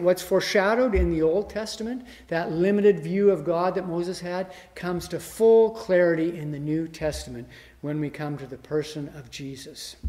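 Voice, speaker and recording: A man preaching a sermon expressively, swinging from loud emphasis to hushed, almost whispered lines. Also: fairly high pitch, in a large hall. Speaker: pastor.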